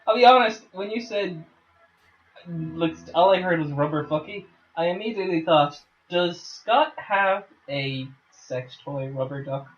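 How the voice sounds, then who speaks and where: A man's voice: fairly high pitch, expressive, measured pace. A man with a light Dublin Irish accent joins the banter and plays along with the jokes. His mic sounds dull and lo-fi. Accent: mild Dublin Irish. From Ireland. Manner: chatty, joking along. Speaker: podcast guest co-host. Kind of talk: casual chat.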